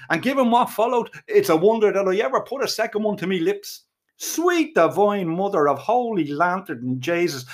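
A middle-aged Irish man telling a crude, comic story with colourful swearing. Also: sits high.

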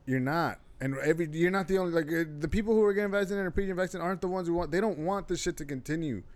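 A man's voice: fairly high pitch, racing. Blunt, profane man hosting a podcast. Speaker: podcast host. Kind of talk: casual chat.

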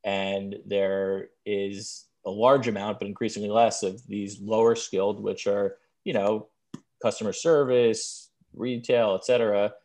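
Low-voiced man rambling casually. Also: fairly even intonation, measured pace, a little mellow. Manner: rambling, hesitant, trails off mid-sentence. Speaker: podcast co-host. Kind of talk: casual chat.

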